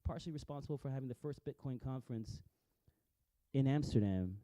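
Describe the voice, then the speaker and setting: A man rambles through casual commentary on video clips. He swears freely and stumbles over repeated words. His voice is deep-toned and very mellow, and the recording is close and dry. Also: a little fast, dry recording. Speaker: vlogger.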